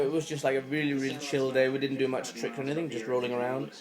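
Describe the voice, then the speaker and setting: A man casually explaining a hobby craft step by step, then chatting about his day in a relaxed vlog. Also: medium pitch, fast talker, hardly any pauses, soft background music. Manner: easygoing, explains step by step with fillers. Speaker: fingerboard vlogger. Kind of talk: casual tutorial and daily vlog chat.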